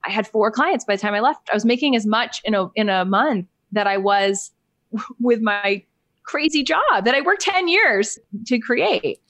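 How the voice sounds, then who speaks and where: A woman with a fairly high voice speaks at a normal pace, with no room sound. She's a business coach guesting on a podcast, telling her story in relaxed interview style. An animated storyteller, she acts out the people she quotes, her voice leaping up for each one.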